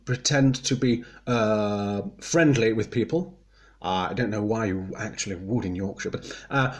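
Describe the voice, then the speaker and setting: A man giving a mock guide in a prim, genteel voice, dryly condescending and deadpan. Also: medium pitch. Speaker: comedian presenting a mock guide. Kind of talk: deadpan mock instructional comedy.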